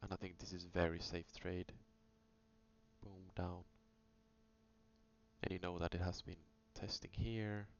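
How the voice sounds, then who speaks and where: A man's voice: low voice, little pitch movement, unhurried, pauses often. A man casually talking through chart trades in a screen-recorded review, thinking aloud with many fillers. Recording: dull lo-fi sound with faint hum.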